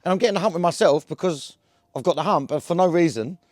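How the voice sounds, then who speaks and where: A slangy man talks to camera in a loose, rambling vlog, his voice sitting a little high for a man. He strings thoughts together with fillers and quick "yeah?" checks. The close mic keeps the sound very dry. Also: darkish tone, no echo. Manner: slangy, chatty, full of fillers and tag questions. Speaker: cannabis vlogger. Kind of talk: casual rambling monologue to camera.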